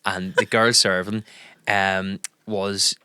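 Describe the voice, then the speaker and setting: A man's voice: low-pitched, little pitch movement, slow pace, bright, forceful tone, clean tone, dry recording. A man, a comedian guest telling rambling, giggly stories in casual chat.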